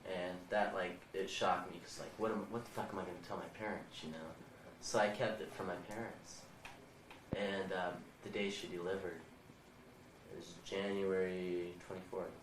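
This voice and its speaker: Teen male interviewee, low voice, rambling and crude; distant mic in a roomy, noisy room on old home video. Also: flat delivery, moderate pace. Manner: rambling and profane. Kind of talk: casual storytelling. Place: indoors in a house.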